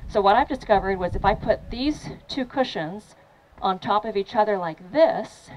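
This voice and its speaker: A woman fitness trainer running a lively training demo for a crowd at an outdoor event, encouraging and laughing often. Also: mid-range voice, a little hiss or hum, rough recording.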